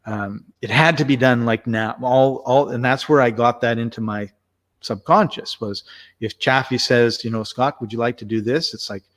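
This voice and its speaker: A man's voice: mid-range voice, normal speed, fairly bright tone. A man chatting casually as co-host, telling a rambling story with lots of restarts. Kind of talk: casual conversational chat.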